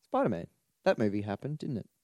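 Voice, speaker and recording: A man's voice: on the low side, wildly swooping pitch, fast, darkish tone, no room sound. A man co-hosting a podcast in casual chat, joking and swearing as he rambles about movies. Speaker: podcast co-host.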